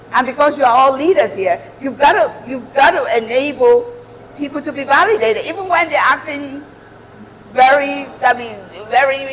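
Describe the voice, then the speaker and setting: A woman's voice: sits high, slight background noise. A middle-aged woman giving an earnest, encouraging motivational talk as a guest speaker. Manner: earnest, encouraging, warm advice. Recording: reverberant hall.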